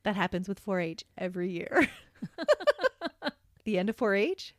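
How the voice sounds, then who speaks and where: A woman co-hosts a podcast and talks casually, chiming in with quick reactions and the odd laugh. Her voice sits at a middle pitch. It is picked up close and dry. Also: dry recording. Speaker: podcast co-host. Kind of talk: casual chat.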